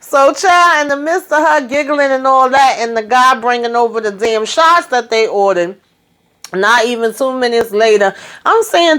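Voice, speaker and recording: A woman host recapping a TV episode in a casual storytelling way, chatty and animated, with salty slang and frequent asides. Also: fairly high pitch, moderate pace.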